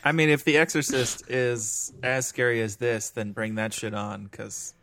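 Panel regular, man, mid-pitch, dry jokey delivery. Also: flat delivery, unhurried, fairly bright tone, dry recording. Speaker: podcast regular. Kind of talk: casual chat.

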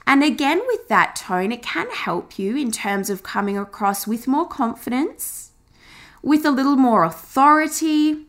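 Lively woman coaching on camera. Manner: demonstrates fast and slow, high and low delivery; encouraging, chatty. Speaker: marketing coach. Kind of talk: on-camera teaching.

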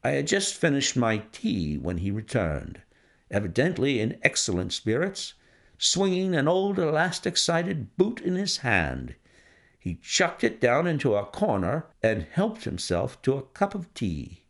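Male narrator, classic story reading, gravelly timbre, lively melodic phrasing. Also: mid-range voice, measured pace. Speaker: audiobook narrator. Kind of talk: scripted narration.

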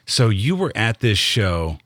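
A man's voice: fairly low pitch, big pitch swings, a little slow, a bit bright, no room sound, clean studio sound. A man interviewing a guest, asking long conversational questions with short backchannels.

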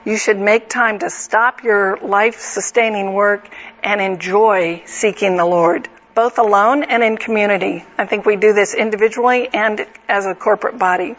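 A woman's voice: mid-range voice, a bit bright. A middle-aged woman teaching a Bible study group in an earnest, conversational way, asking the group direct questions. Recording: slightly dull lo-fi recording.

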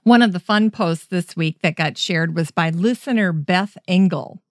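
A woman's voice: lowish voice, normal speed, dry recording, clean studio sound. A woman podcast host reading segments aloud in outtakes, flubbing words and laughing at herself. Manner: self-mocking, laughs at her own flubs.

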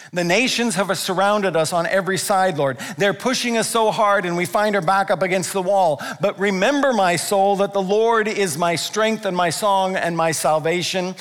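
A male pastor from Canada preaching a sermon, emphatic and swinging between hushed and loud passages. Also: high voice. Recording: long hall reverb.

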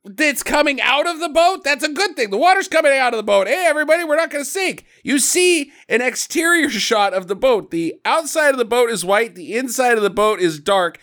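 A man talks through a movie plot on a podcast, joking and slipping into quick impressions of the characters. His voice sits high and swoops all over the place. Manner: animated, jokey, mimics characters. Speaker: podcast co-host. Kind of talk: casual movie recap chat.

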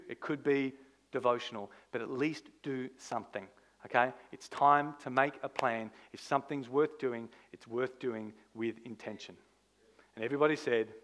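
A pastor with a medium-pitched voice delivers a sermon. His preaching is animated and conversational, packed with rhetorical questions.

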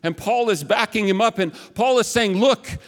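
Male pastor, high-pitched, casual sermon delivery with self-deprecating tangents, reverberant room. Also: normal speed. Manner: chatty, with self-mocking asides. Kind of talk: conversational sermon.

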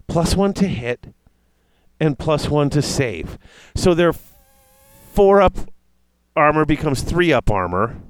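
Excitable man reading game rules aloud. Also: on the high side, slow, long pauses, no echo. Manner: reads rules aloud, then reacts excitedly. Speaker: tabletop wargame player discussing rules. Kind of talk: casual chat.

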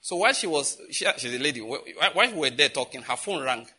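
A man's voice: medium pitch, expressive, fast, sharp tone, breathy edge. A man preaching a sermon, asking the congregation questions and answering them himself, with emphatic repetition. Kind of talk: sermon teaching.

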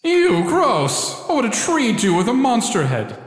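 A man playing a pompous cartoon oak tree whose voice swoops wildly between booming decrees and whiny grumbling. It rings out with a roomy, long-tailed echo, as if the tree itself were a great hall. Grand on the surface, petty underneath. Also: huge pitch swings, a little slow, full character voice. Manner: booming pompous proclamations that slip into casual complaining. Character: self-important talking oak tree, grand but petty.

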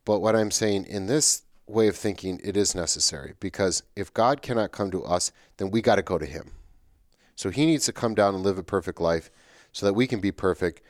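A man with a very low, deep voice explains theology in a methodical, step-by-step way. The sound is dry and close, with almost no room echo. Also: fairly quick. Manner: explanatory, builds arguments step by step. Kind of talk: theological discussion.

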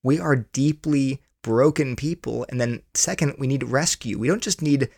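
A man's voice: medium pitch, normal speed, vocal fry, a little mellow, no room sound, studio quality. A man answering interview questions about his book, earnest and explanatory, often repeating words as he thinks. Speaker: author and guest.

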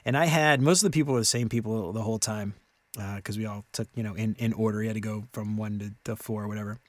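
A man in his thirties co-hosting a podcast in casual chat, animated and rambling, often laughing. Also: fairly low pitch, quick pace, dry recording. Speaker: podcast co-host.

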